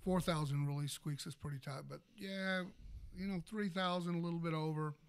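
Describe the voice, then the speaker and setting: A man's voice: a little high, steady tone, a little fast, smooth. A man in a casual radio interview as a city parks and recreation director, answering steadily with many hesitations.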